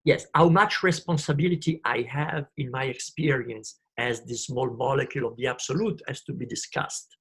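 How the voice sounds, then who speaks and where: Gravelly man musing. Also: mid-range voice, fairly even intonation, normal speed, hardly any pauses, fairly bright tone. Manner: emphatic, repeats phrases. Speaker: guest. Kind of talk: spiritual conversation.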